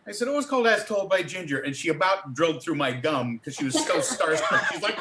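Lively high-voiced man telling a story. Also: fairly quick, hardly any pauses, slight background noise, low-quality recording. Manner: animated, acts out both sides of a dialogue. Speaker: cartoon voice actor at a cast reunion. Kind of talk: casual storytelling on a group video call.

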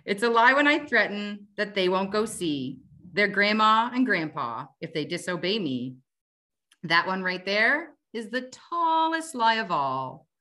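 A woman's voice: lowish voice, sharp tone. A woman on a video call, chatting casually as a guest and reading her own rhyming poems aloud. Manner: chatty, fillers like "like" and "um". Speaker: guest poet.

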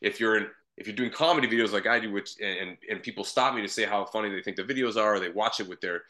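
Guest spot: Canadian man, lowish bright voice, loose rambling talk. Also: fast. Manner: easygoing, rambling, with frequent restarts. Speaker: guest comedian and voice actor. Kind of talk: casual interview chat.

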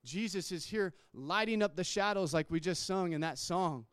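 A man's voice: high-pitched, moderate pace, smooth, no echo, clean studio sound. A man preaching a sermon in a conversational way, restarting words and acting out quotes. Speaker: pastor.

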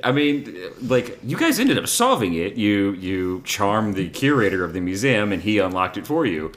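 Male podcast host and game master, casual comedic banter, pitch swinging wildly from low mutters to high shouts. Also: moderate pace. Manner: animated, swings into loud laughing outbursts.

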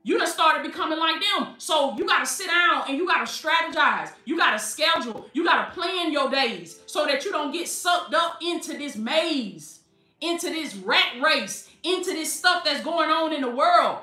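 A woman preacher, delivering an animated sermon, calling listeners baby and laughing often. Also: high-pitched, moderate pace, far from the mic. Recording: echoey, from off the mic, faint music.

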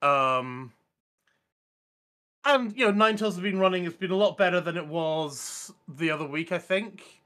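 Bright-voiced man telling gaming stories. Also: high voice, lively intonation, normal speed. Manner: rambling, enthusiastic storytelling with many restarts. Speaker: podcast co-host. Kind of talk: casual gaming chat.

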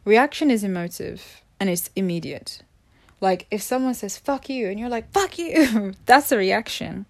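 A woman's voice: medium pitch, normal speed, gravelly. A woman speaking in a casual, reflective monologue about emotional self-healing. She restarts her sentences often and sometimes drops to a near-whisper. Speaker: spiritual self-help speaker.

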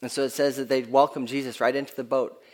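A man's voice: medium pitch, flat delivery, fast talker. A man preaching a sermon in an earnest, conversational way, often restarting his phrases, who speaks of his own kids. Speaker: pastor.

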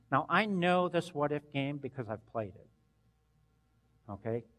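A man preaching a sermon as pastor, earnest, with sudden loud bursts and hushed endings. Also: a little high, long reverb tail.

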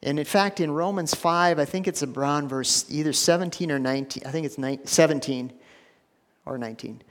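A man's voice: a little high, moderate pace. Man preaching in an echoing church. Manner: dramatic swings between hushed and loud emphasis. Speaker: pastor. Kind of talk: sermon. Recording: long hall reverb.

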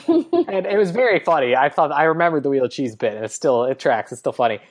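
A man's voice: on the high side, very animated, brisk. A man co-hosting a podcast, rambling through a movie plot with many fillers. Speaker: podcast co-host. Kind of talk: casual movie recap chat.

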